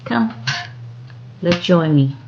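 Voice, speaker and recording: Thai woman chatting slowly in broken English. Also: on the low side, expressive, creaky, a little mellow, highs cut off, slight background noise. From Thailand. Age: 50s. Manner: chatty, broken English, drawn-out friendly phrases. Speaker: vlogger. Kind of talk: casual chat to camera.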